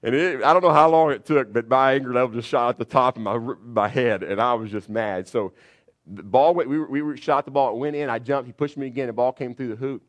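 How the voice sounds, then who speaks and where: A middle-aged man preaching a sermon, telling a personal story that swings from loud re-enacted shouting to quiet, confessional reflection. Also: mid-range voice, fairly quick. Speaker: pastor.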